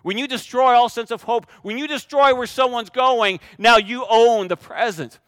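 Pastor guy preaching, high smooth voice, dry close sound, punchy and repeats himself. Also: moderate pace, a bit bright, no echo. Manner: emphatic, repeats key phrases, rhetorical questions. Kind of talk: sermon.

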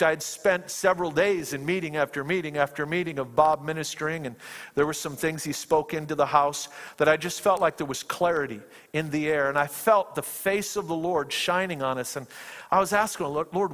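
A man preaching a sermon with passion, his voice climbing as he voices fervent prayers and often repeating his words. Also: a bit bright. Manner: impassioned, rises in pitch when quoting prayers, repeats words. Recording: long reverb of a large hall.

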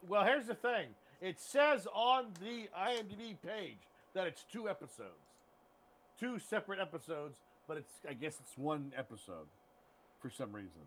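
A man's voice: high voice, sing-song, moderate pace, fairly bright tone, a little hiss or hum. Joking, profane podcast co-host man. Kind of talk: casual chat.

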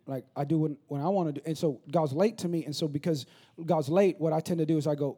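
A man in his thirties, a pastor, preaching a sermon in a conversational way that builds into rapid, repetitive crescendos. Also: fairly high pitch, dark tone.

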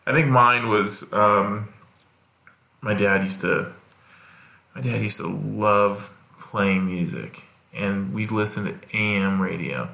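Animated rambling man hosting a comedy chat. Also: on the low side, slow pace, vocal fry, echoey room. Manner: rambling, animated storyteller with frequent restarts. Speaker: podcast host.

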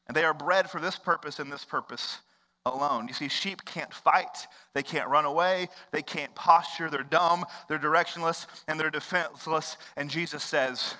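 A young adult pastor delivers a conversational sermon, swinging between loud bursts and quiet, low lines. The sound is big and roomy, and the recording is rough.

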